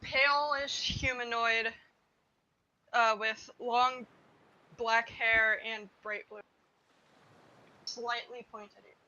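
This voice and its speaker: A woman playing at a tabletop game over an online call, answering in a slow, relaxed way. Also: on the high side. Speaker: player. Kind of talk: casual chat at a game table. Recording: dull, dry online call audio.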